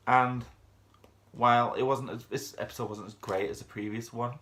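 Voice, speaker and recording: A man's voice: medium pitch, steady tone, moderate pace, fairly bright tone, slight background noise. A man giving a casual, unscripted review of a TV episode, chatty and rambling, with lots of fillers and restarts.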